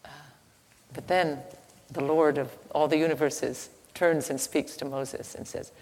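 A woman giving a slow, halting devotional teaching with a story, soft-spoken, recorded in an echoey hall with faint ambient noise. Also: deep voice, steady tone. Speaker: spiritual teacher.

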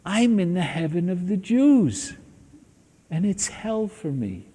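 A man's voice: high-pitched, very animated, slow pace, warm tone, slightly rough, big-room sound, voice pushed up, heavily acted. A man doing a wailing, tormented old dictator. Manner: moaning, groaning and wailing. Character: tormented old male dictator wailing in his own hell.

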